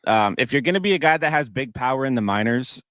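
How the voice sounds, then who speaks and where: A man guesting on a fantasy baseball podcast, giving measured player analysis. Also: mid-range voice, lively intonation, a bit bright, no echo. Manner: analytical, measured, some restarts. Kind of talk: casual podcast chat.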